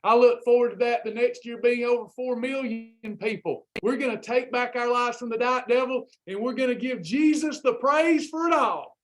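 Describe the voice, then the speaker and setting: A man hosts a Christian weight loss livestream, delivering fired-up, preachy motivational talk and repeating his phrases. His voice is very high-pitched, at normal speed, with hardly any pauses.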